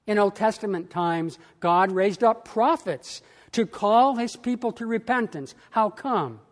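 Pastor, male, high-pitched, slow and measured sermon delivery, reverberant church. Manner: measured preaching with emphatic pauses. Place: church sanctuary.

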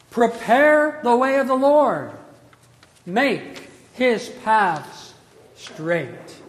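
High-voiced slow preaching pastor man. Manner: measured preaching with emphatic pauses. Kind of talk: sermon. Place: church sanctuary. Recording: long church reverb.

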